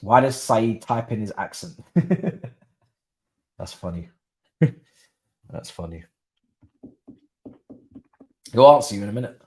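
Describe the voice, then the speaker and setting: A man's voice: on the low side, expressive, takes it slowly, long pauses. A young man, commentating casually on a live football watchalong and chatting to his viewers in slang. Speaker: watchalong streamer.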